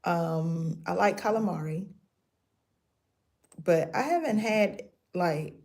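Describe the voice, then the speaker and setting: A woman's voice: fairly low pitch, takes it slowly, darkish tone. A woman, chatting casually with her viewers on a livestream and laughing often. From North Carolina. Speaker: livestream host.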